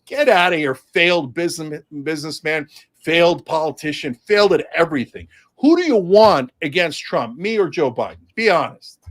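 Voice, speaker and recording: A man's voice: fairly high pitch, animated, normal speed, a bit bright. A man who is a political candidate, making his case in an interview in a sarcastic, combative way. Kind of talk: impassioned political interview talk.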